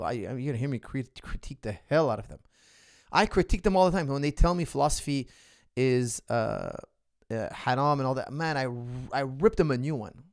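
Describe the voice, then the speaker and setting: A man's voice: mid-range voice, creaky. A middle-aged man, a martial arts coach, chatting emphatically and jokingly with viewers in a live question-and-answer stream. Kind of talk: livestream Q&A chat.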